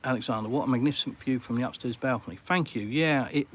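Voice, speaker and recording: A man's voice: medium pitch, quick pace. A middle-aged English man hosting a casual live Q&A from a sunny balcony, blunt and full of jokey banter. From England. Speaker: livestream host.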